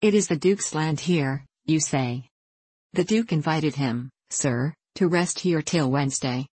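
A woman's voice: low-pitched, a little slow, darkish tone, slightly rough, dry recording. Woman reading as a stubborn garrulous old innkeeper. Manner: outspoken and scolding.

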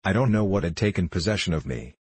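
A man with a husky voice reading a proud, impatient elder sister in a weary, reproachful manner. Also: deep voice, animated, quick pace, darkish tone.

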